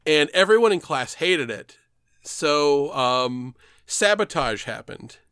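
A man with a somewhat high voice tells a meandering story in casual podcast chat, cursing freely and chuckling between his thoughts. He sits close to the mic in a dry, deadened room. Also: expressive, takes it slowly, a bit bright, smooth, no room sound. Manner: rambling, swears freely, laughs mid-story.

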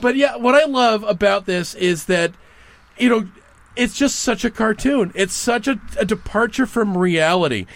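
A man co-hosting a podcast in an animated, casual chat, swearing freely and laughing often. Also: high-pitched, moderate pace.

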